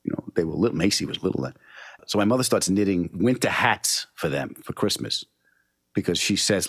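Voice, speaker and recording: A middle-aged man telling a funny story in a casual chat, punchy and animated. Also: sits low, fairly quick, slightly rough, no room sound, clean studio sound. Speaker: comedian guest.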